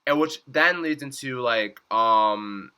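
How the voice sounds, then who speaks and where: A man's voice: mid-range voice, takes it slowly, bright, forceful tone, clear, resonant tone. A young man giving a casual episode recap, chatty, leaning on "like" and acting out lines in swooping voices. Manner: chatty, says "like" constantly, acts out quotes in swooping voices. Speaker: reaction vlogger.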